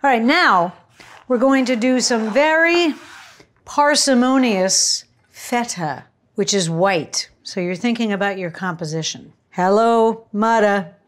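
A woman's voice: on the high side, unhurried. A woman hosting a cooking show, chatting to viewers in a gushing, casual way as she demonstrates a recipe.

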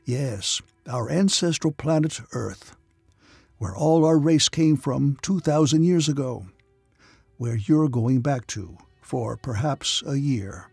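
A man's voice: medium pitch, slow, creaky, a little mellow, slightly rough, dry recording, faint music behind, exaggerated voice. A man voicing a sober, thoughtful male psychotherapist from another star.

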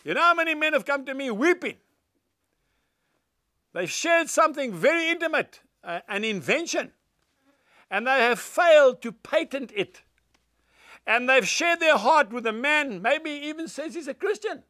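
Older preacher guy, high-ish voice, earnest and emphatic, dry sound. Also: animated, moderate pace, pauses often, sharp tone, no room sound. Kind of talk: devotional talk.

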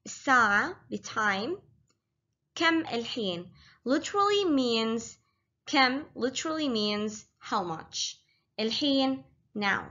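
A woman's voice: on the high side, lively intonation, normal speed, sharp tone, muffled recording. A woman teaching vocabulary in a casual lesson, patiently repeating words with hesitant fillers. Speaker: language teacher.

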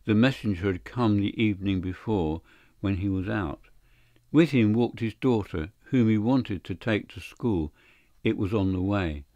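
A man narrating a classic short story in a measured, steady audiobook reading. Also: fairly low pitch, no room sound, dull audio. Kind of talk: scripted literary narration.

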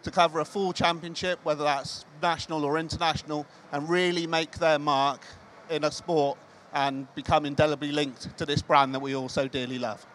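Man on stage giving clues about who won, slightly high voice, measured. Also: fairly even intonation, fairly bright tone, a little hiss or hum. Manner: measured, building suspense with hints. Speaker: magazine editor presenting award. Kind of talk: on-stage speech. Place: large exhibition hall stage.

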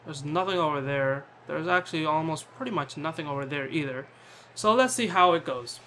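Guy gaming and chatting, bright kinda high voice, swears a lot, ribs his player. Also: a little fast, a little hiss or hum. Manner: bantering, swears often, talks to his in-game player. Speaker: gamer playing a cricket video game. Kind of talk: casual gameplay commentary.

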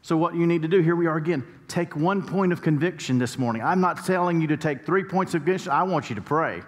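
High-pitched and speaking fast, a male pastor from the United States preaches through stories that crest in emphatic moments. Long church-hall reverb surrounds him in the sanctuary.

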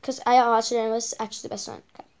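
A woman's voice: on the high side, level tone, very fast, vocal fry. A female channel host giving casual reaction commentary on videos, rambling with lots of repeated okays and ums.

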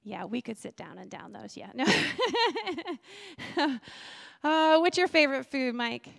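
Bubbly high-voiced woman pastor. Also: sing-song, slow, gravelly, a bit bright. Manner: chatty, bubbly, laughs often, asks the congregation questions. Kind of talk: sermon. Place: church sanctuary.

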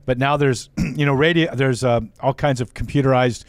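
A man hosting a radio show, chatting in a relaxed, loose way. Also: medium pitch, moderate pace, smooth, no room sound. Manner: relaxed, loose, with Hawaiian greetings. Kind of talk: casual radio interview chat.

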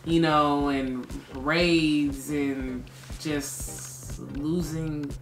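A woman's voice: low-pitched, steady tone, drawn-out words, faint music behind. A woman vlogger chatting casually, rambling with lots of fillers. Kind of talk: casual chat.

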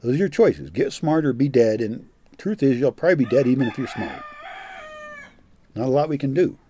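A man's voice: mid-range voice, big pitch swings, fairly quick, mellow, a little hiss or hum. An older man giving a blunt, profane monologue as a vlogger, scornful and direct. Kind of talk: ranting monologue.

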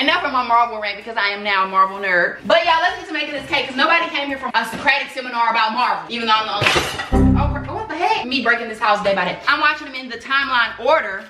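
A young woman vlogging casually from her home kitchen, rambling and chatty, talking to her viewers as y'all. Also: a little high. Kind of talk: casual chat. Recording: echoey room.

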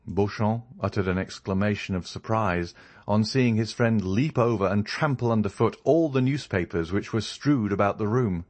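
A man narrating a classic novel as an audiobook, in steady, even storytelling. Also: low-pitched, normal speed, no room sound.

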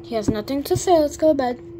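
A woman's voice: high-pitched, animated, fairly quick, noisy background. A girl giving chatty gameplay commentary, full of fillers and sudden exclamations. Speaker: gamer.

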